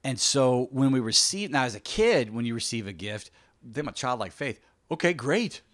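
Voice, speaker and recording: Guy chatting about faith, animated storyteller, dry close sound, mid voice. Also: medium pitch, moderate pace, no room sound. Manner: animated storytelling, acts out quoted speech. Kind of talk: casual faith discussion.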